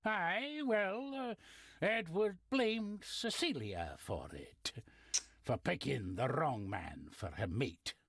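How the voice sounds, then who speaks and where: A man's voice: a little high, animated, slow, fairly bright tone, no room sound, clean studio sound, full character voice. An actor playing a cryptic, wary old Scottish man in a video game, with folksy dialect and ominous hints. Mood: knowing. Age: older. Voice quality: gravelly, husky voice.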